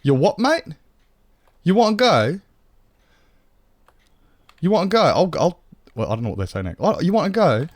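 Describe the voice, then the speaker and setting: A man's voice: medium pitch, lively intonation, fast talker, gravelly, hardly any pauses, warm tone, no room sound. A man putting on a cheeky mock-British bloke. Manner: exaggerated jokey accent with slang.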